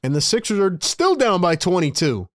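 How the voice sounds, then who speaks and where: A high, very animated male voice at a moderate pace, recorded cleanly in a studio with no room sound. As a live-stream host calling basketball play-by-play, he reacts to his team with frustration and exasperation while chatting with viewers.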